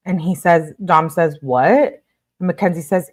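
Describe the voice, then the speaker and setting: Young adult woman, low-ish voice, casual commentator reading messages aloud with blunt asides. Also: normal speed, darkish tone.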